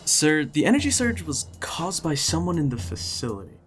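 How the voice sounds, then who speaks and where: A man's voice: fairly high pitch, big pitch swings, moderate pace, soft background music. Man as a stammering nervous young servant. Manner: stammering, hesitant. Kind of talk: audio drama acting.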